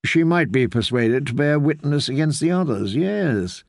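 A man's voice: on the high side, animated, moderate pace, creaky, no room sound, studio quality. A man voicing a proud, fearful queen in an audiobook reading, with a haughty, scheming manner. He lifts his voice to play her. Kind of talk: audiobook character voice.

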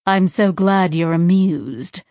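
A woman voicing a wry, worried male alien tech in a slower, lower tone. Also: darkish tone, no room sound, studio quality. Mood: dry.

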